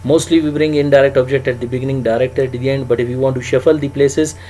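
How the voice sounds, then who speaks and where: A man's voice: mid-range voice, fairly even intonation, fast talker, dark tone, low-quality recording. A man teaching an English grammar lecture, stressing his example sentences and often adding "you know" and "uh". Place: home or small room, recorded alone for video.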